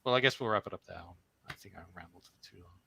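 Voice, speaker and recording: A man's voice: quick pace, gravelly, husky, no room sound. A man in casual podcast chat, ranting animatedly with lots of swearing. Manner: animated, swearing, jumps into mocking high voices when quoting. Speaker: podcast co-host.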